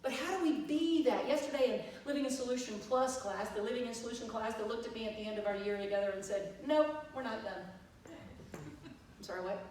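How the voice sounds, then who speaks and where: A woman minister, telling a lively story in a sermon and acting out the dialogue with laughter. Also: fairly high pitch, quick pace, a little hiss or hum. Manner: animated, acts out dialogue with laughter. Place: church sanctuary. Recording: echoey hall, far from mic.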